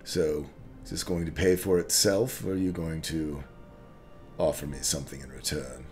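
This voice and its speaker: A man voicing a watchful, sly male half-orc who haggles in a wry, quietly suspicious way. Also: extremely low pitch, steady tone, moderate pace, soft background music. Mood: wry, bargaining.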